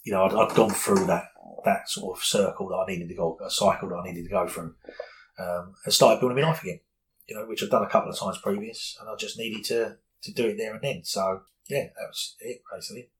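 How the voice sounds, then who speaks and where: A middle-aged man speaks with a slightly low pitch. He tells a personal story in an interview, candid and rambling, full of fillers and restarts. A faint ambient noise sits behind his voice. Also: fairly even intonation, a little fast, rough recording.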